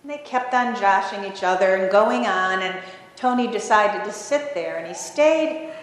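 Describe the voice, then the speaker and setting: A woman preaching, telling a story in an expressive, dramatic way in a large echoey hall. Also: mid-range voice, normal speed. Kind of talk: storytelling sermon.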